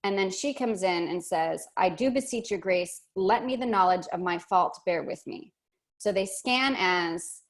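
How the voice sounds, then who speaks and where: A woman's voice: mid-range voice, moderate pace. Chatty woman teaching a workshop lesson. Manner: chatty, thinks aloud with fillers and restarts.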